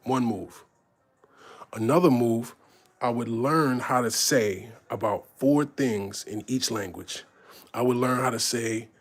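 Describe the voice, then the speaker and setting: A man telling casual stories from his tour, animated and profane, acting out voices as he goes. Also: mid-range voice, slow. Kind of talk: casual storytelling.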